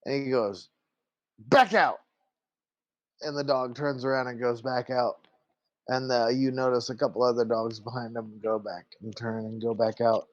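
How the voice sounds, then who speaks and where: A man's voice: mid-range voice, flat delivery, normal speed, no room sound, highs cut off. A man narrating as game master of a tabletop game, loose and full of fillers. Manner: loose, filler-heavy, laughing easily.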